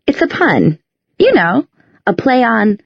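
A woman's voice: on the high side, big pitch swings, slow, gravelly, breathy edge, dry recording, pitched above the performer's own voice, full character voice. A sardonic teenage girl, voiced by a woman narrator mutters mocking remarks. The recording is close and dry, with a slightly muffled tone. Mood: sarcastic. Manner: sarcastic, mutters.

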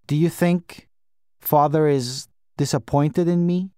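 A man voicing a grieving young boy with a small, wheezy, croaking voice, speaking haltingly through tears. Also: on the high side, steady tone, warm tone, no room sound, clean studio sound. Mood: plaintive.

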